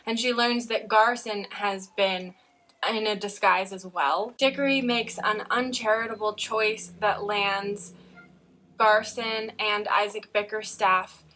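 A woman's voice: medium pitch, steady tone, slow, pushed and bright. A woman reading a novel aloud and reviewing it in an earnest, enthusiastic way, with small restarts. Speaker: book reviewer.

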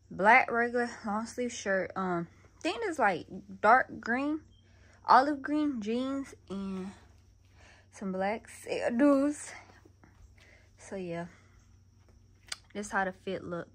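A young woman chatting to her viewers in a casual get-ready-with-me vlog, constantly calling them y'all. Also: medium pitch. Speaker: vlogger. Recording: background noise with passing vehicles.

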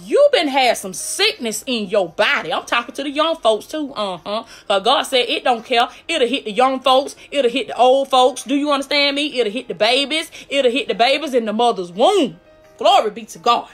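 High-voiced woman preaching a fervent sermon. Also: expressive, normal speed, soft background music. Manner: call-and-response preaching with frequent "glory be to God". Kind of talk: live-streamed exhortation.

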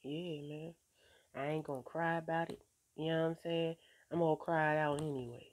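A woman's voice: deep voice, fairly even intonation, a little fast, a little mellow. A woman talking in a casual faith-filled vlog, laid-back and streetwise, swearing casually and encouraging viewers while often repeating "you know what I'm saying.". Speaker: vlogger.

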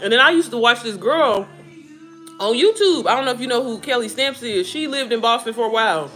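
A woman in her thirties chatting casually to her viewers, animated and talkative, calling them girl and baby. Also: fairly high pitch, quick pace, faint music behind. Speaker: vlogger talking to viewers while cooking. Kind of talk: casual chat.

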